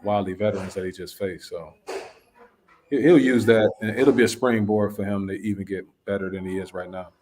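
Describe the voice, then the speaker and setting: A man on a casual podcast chat who talks in a measured, analytical way. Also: on the low side, warm tone, slight background noise.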